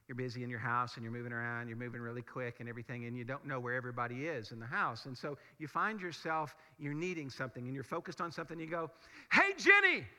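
A man's voice: mid-range voice, steady tone, fast, few pauses, sharp tone. A male pastor delivering a conversational, emphatic sermon full of rhetorical questions in a large church sanctuary. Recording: long hall reverb of a church.

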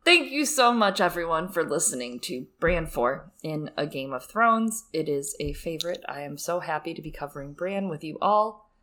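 Low-voiced playful woman podcast co-host. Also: animated, normal speed, few pauses, fairly bright tone. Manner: playful, swears, enthusiastic. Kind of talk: casual chat and show sign-off.

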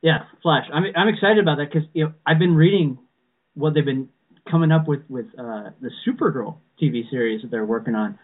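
Co-hosting a podcast in a relaxed fan-chat style, this man speaks a bit fast in a slightly high voice. His talk wanders, full of restarts and "you know" fillers, and the recording has a tinny, phone-like quality.

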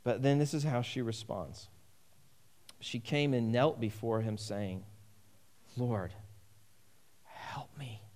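Slow, emphatic male preacher. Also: mid-range voice, darkish tone. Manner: emphatic, repeats key phrases. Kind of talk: sermon.

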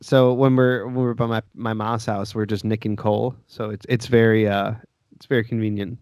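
A man's voice: lowish voice, level tone, moderate pace, darkish tone, no room sound. Man, casual podcast co-host, easygoing and rambling, dry close mic. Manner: easygoing, laughs often, rambling. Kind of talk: casual chat.

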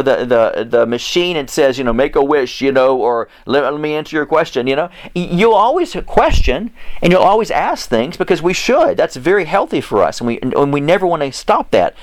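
Podcast host for a faith show: a man with a fairly high voice who preaches with repetition and big emphasis. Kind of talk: motivational religious podcast monologue.

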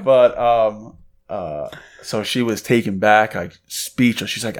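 A man, co-hosting a podcast, telling a story in animated fashion and acting out what others said. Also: mid-range voice, normal speed. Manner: animated storytelling, acts out quotes. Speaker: podcast co-host. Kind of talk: casual chat.

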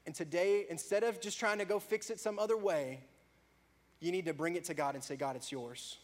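A man preaching a sermon, rising to loud, fervent prayer and dropping back to a soft, conversational tone. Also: a little fast. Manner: builds to loud, high-pitched fervor in prayers; drops to soft, low conversational tone between peaks. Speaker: pastor.

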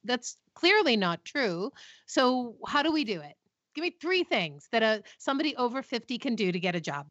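Podcast co-host woman, high lively voice, dry kinda lo-fi sound, wry. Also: moderate pace, dry recording. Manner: wry, direct questions. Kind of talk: casual interview chat. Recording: dry, slightly dull lo-fi sound.

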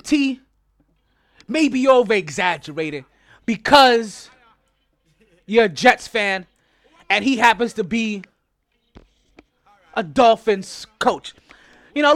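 A man's voice: very high voice, fairly bright tone. A man hosting a sports podcast, ranting in a heated, profane way and stumbling over repeated words when riled up. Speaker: podcast host. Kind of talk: sports rant.

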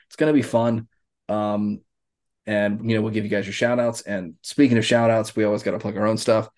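Man, sports podcast co-host, casual joking chat, swears freely. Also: on the low side.

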